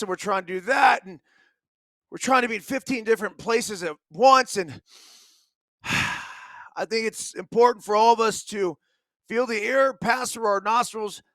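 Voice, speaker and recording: A middle-aged man hosting a solo baseball talk show, energetic and blunt, swearing casually and punching out emphatic bursts. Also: sits high, no echo. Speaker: host.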